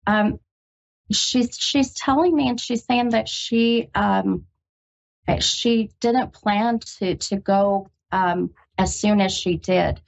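A woman hosting a call-in psychic reading, halting and full of ums, gentle and reassuring with the caller. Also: medium pitch, creaky. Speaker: psychic medium host. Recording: dull lo-fi radio recording.

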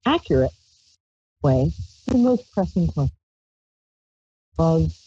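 A woman's voice: sits low, sing-song, slow, warm tone, breathy edge, dry recording. A woman from Brooklyn, hosting a psychic call-in radio show in a rambling, playful way and reading tarot cards on a handheld mic. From Brooklyn, New York. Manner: rambling, chatty, playful with squealed exclamations. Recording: dull lo-fi dry stream audio.

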